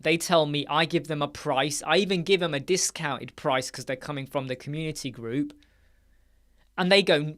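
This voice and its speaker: Male live-stream host, slightly higher voice, chatty and blunt, casual. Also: normal speed, a bit bright. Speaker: live-stream host answering chat questions. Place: home studio.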